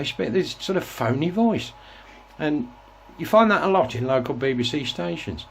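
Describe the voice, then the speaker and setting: A very animated man in his sixties, host of his own show, rambles reflectively through old memories with many restarts. His voice runs on the high side at a moderate pace, and a faint hiss or hum is audible.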